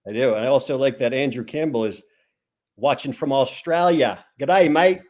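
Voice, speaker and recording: A man co-hosting a live stream, laid-back and quick to laugh, giving short replies. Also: mid-range voice, darkish tone. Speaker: co-host. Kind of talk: casual live-stream chat.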